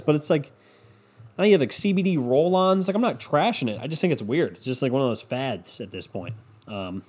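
A man's voice: on the high side, darkish tone, husky. Young male podcast host, casual solo monologue, profane, rambling, self-mocking.

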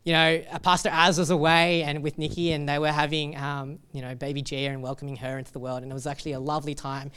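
A young man preaches to a congregation in a relaxed, joking way. His voice sits a little high for a man, and it is smooth and clear. He reads the verses with real feeling. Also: fast talker, few pauses. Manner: casual, joking preaching with lively reading of scripture. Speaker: pastor. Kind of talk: sermon.

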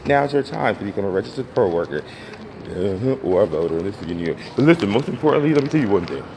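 A man's voice: on the low side, sing-song, fast, a little mellow. A man hosting his podcast in a casual street monologue, joking playfully and flamboyantly with strangers while out in the city. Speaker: podcast host. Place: outdoors on a city street and in a restaurant. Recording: noisy outdoor city ambience.

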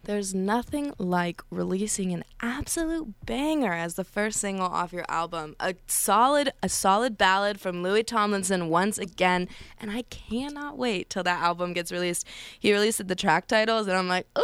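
A woman's voice: medium pitch, normal speed, a bit bright, smooth, no echo. A young woman hosting a college radio show, chatting casually and gossiping with a laugh.

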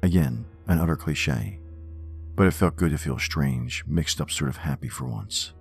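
A man narrating a first-person horror story in a measured, wry, reflective way. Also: very deep voice, gravelly, breathy edge. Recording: faint music bed under narration.

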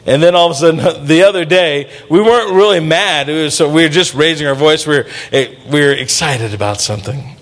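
A middle-aged male pastor preaching a sermon in an animated way, with playful asides and bits where he acts out voices. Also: a little high, brisk, few pauses.

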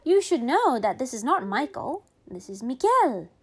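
A woman voicing a cheerful female preschool teacher who talks in a high, sing-song way and scolds gently. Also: sing-song, normal speed, husky, full character voice. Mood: gently scolding.

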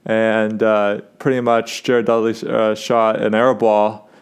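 A man's voice: on the low side, little pitch movement, slow, clean tone. A young man hosting a casual sports talk show, rambling with lots of fillers and restarts as he gives his takes. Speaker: sports podcast host.

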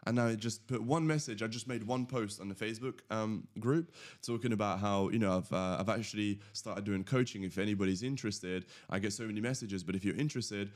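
A British man in his thirties, a podcast guest telling his origin story in a rambling, self-correcting, animated way. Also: fairly low pitch, fairly quick, few pauses. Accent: British English. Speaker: podcast guest, agency founder. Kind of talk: casual storytelling interview.

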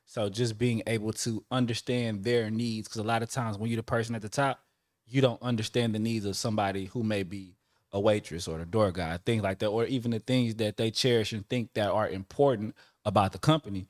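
A man's voice: on the low side, fairly even intonation, brisk, no room sound, clean studio sound. A man co-hosting a casual podcast chat, laid-back and slangy, laughing often. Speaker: podcast co-host.

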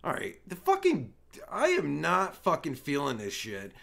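A man's voice: fairly high pitch, wildly swooping pitch, a little slow, creaky, fairly bright tone. A male livestream host giving crude, profane, rambling commentary while chatting with strangers online.

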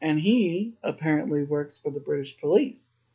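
A man with a fairly high voice recaps a television episode in a loose, chatty way. He laughs often and leans on "like" as he talks. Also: animated, normal speed, dark tone, slightly rough. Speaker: podcast host.

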